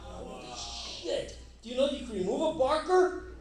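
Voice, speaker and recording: Male comic from New York, self-mocking, off-mic in a booming room. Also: huge pitch swings, moderate pace, distant mic, heavy background noise. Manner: rambling, profane, self-mocking storytelling. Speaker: stand-up comedian. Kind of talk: stand-up storytelling. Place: comedy club stage. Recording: echoey club, mic heard from afar.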